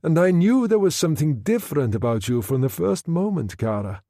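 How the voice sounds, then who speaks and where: A man's voice: fairly high pitch, big pitch swings, a little fast, warm tone, no room sound, clean studio sound, voice pushed up. A man voicing a bold, charming Italian man in the water, jaunty and teasing in manner.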